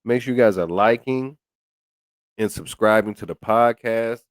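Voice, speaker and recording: A man hosting a podcast talks a little slowly in a studio-quality recording with no echo. The commentary is casual, and he stammers, restarts often, and repeats words, all with animated swings in pitch.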